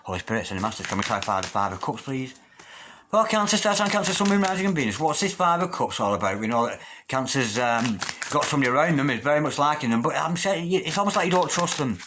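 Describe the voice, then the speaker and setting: A man giving a solo tarot reading to his viewers, chatty and encouraging, with sudden loud exclamations that drop to hushed, near-whispered asides. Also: medium pitch, animated, fast talker, hardly any pauses, background noise. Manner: chatty, encouraging, repeats pet phrases. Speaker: tarot reader.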